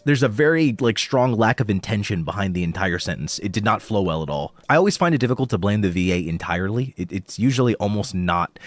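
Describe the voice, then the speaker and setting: A man's voice: on the low side, no echo. A man giving casual, blunt commentary as he critiques voice acting and swears freely. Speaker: streamer reviewing voice acting.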